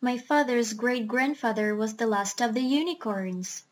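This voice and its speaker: A woman voicing a shy, very polite male two-headed beast in a storybook reading, speaking softly and gently. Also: a little high, normal speed, lightly acted.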